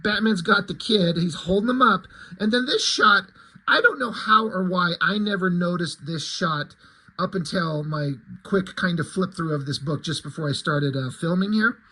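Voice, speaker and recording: A man's voice: high-pitched, moderate pace, pushed and bright, husky, poor audio. A middle-aged man giving a casual comic book review, rambling, sarcastic and swearing freely.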